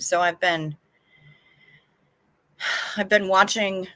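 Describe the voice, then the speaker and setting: A woman's voice: medium pitch, unhurried, a bit bright. Anxious woman chatting on her live stream, frank, swears a bit, reads out viewer messages.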